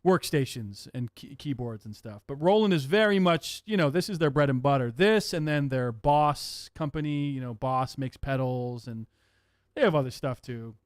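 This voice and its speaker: A man hosting a livestream, chatting casually with viewers in an excitable, profane way and laughing often. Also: medium pitch, dry recording, studio quality. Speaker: livestream host.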